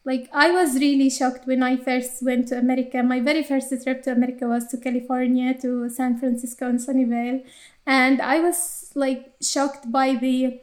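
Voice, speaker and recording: Young woman, high-pitched, relaxed and chatty delivery. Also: normal speed. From Jordan. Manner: chatty, loose phrasing with frequent "like". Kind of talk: casual storytelling.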